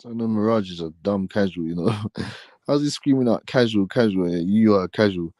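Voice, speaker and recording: A man with a mellow, darker voice arguing in a casual chat, dry and close to the mic. He mocks his opponent and cuts over him again and again. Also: fairly low pitch, moderate pace, no room sound. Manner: mocking, argumentative, talks over others. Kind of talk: heated casual debate.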